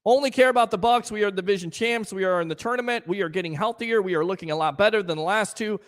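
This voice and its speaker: A man hosting a live call-in sports talk show, ranting in a fired-up, sarcastic way and shouting at times. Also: high voice, fast talker, few pauses. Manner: sarcastic, scolding critics.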